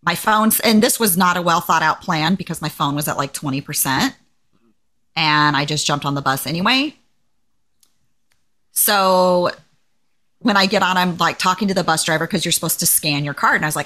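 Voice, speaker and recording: Bright-voiced woman in her forties chatting. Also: lowish voice, moderate pace, long pauses. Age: 40s. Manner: animated storyteller, acts out quoted exchanges. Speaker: podcast co-host. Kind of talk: casual chat. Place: living in Hawaii.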